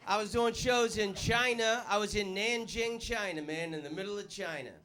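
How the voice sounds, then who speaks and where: A man performing a stand-up comedy set in a club, with a loud, punchy delivery. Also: high voice, moderate pace, a crowd in the background. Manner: loud punchy delivery, puts on voices for jokes.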